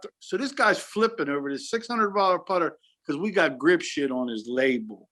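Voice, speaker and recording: High voiced guy swearing thru his retail stories, casual chat on a call. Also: normal speed, few pauses. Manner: profane, animated storyteller. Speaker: guest, retail worker. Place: remote call.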